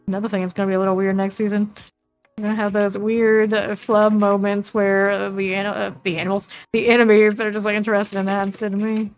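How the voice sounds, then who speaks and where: A woman with a Southern US accent, casually commenting while she plays a game, chatty and relaxed as she reads out item names. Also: medium pitch, fast, faint music behind. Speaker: streamer.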